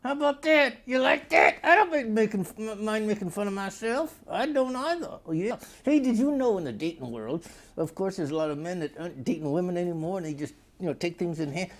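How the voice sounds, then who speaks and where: A man's voice: sits high, animated, a little fast. A man hosting a comedy vlog, delivering a crude, rambling monologue that keeps slipping into put-on voices and a drawl.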